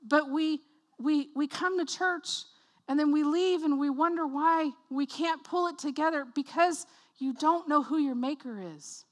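A woman preaching a sermon, telling a personal story in an animated way and acting out other people's voices. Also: high-pitched, a little slow. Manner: animated storytelling, acts out voices, laughs often.

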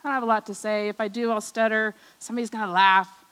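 A woman's voice: a little high, steady tone, fast talker, clear, resonant tone, rough recording. Middle-aged woman sharing her testimony. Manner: storytelling, acts out remembered voices, drops soft at ends of lines. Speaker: speaker at a church service. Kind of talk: personal testimony sermon.

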